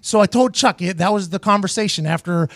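A man hosting his podcast, telling a story in a casual, animated and profane way, laughing often. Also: high-pitched, fairly quick, vocal fry, no room sound, studio quality. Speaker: host.

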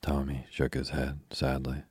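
A man narrating a novel in plain, unhurried storytelling. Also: rumbling low, completely flat delivery, a little mellow, breathy edge, no room sound, clean studio sound. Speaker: audiobook reader. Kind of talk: scripted narration.

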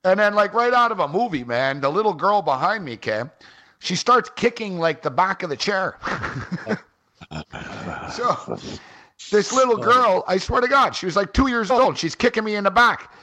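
A man tells a long story in a loose, casual way and keeps saying "like" and "man" as he goes. His voice is bright and forceful, and it sits a little high for a man. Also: moderate pace. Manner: animated, rambling, frequent "like" and "man". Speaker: fantasy sports radio co-host. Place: on a trip in Halifax.

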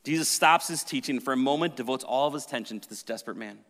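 A man preaching a sermon with dramatic shifts from loud emphasis to hushed retelling. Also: mid-range voice, fast. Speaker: pastor. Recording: reverberant hall.

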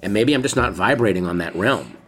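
A middle-aged man, co-hosting a podcast in casual chat, telling animated stories and teasing his partner. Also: on the low side, fairly quick, faint music behind. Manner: animated storyteller, teasing, jumps into quoted voices. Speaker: podcast co-host.

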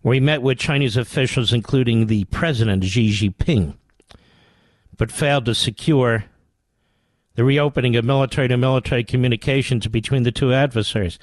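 A man's voice: medium pitch, a little fast, dry recording. A man hosting a political talk radio show, delivering combative, mocking commentary.

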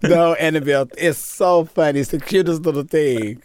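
A man chatting as a podcast guest, telling stories in an animated way and laughing often. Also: on the high side, a little fast, dry recording. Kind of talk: casual podcast chat.

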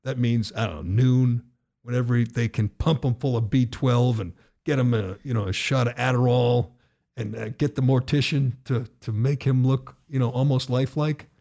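A middle-aged American man hosting a political talk radio show, sarcastic and given to loud rhetorical questions, speaking in a studio. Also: mid-range voice, steady tone, moderate pace, gravelly.

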